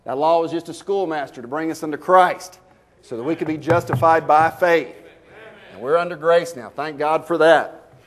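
A fairly high-voiced man preaching. He tells folksy stories and fires rhetorical questions at the congregation, swinging from loud bursts to slow, emphatic lines. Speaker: pastor. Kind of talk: sermon.

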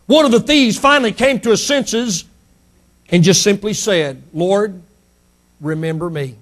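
A male pastor delivering a Sunday sermon to his church, emphatic, dropping soft and then rising loud. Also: sits high, animated, moderate pace.

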